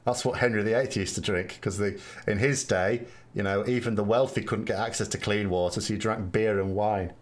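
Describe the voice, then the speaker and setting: A man's voice: on the low side, fairly even intonation, a little fast, hardly any pauses. A man with a South Yorkshire accent hosting a live stream, chatting in a rambling way with wry asides. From England. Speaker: podcast host. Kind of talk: live stream chat answering viewers.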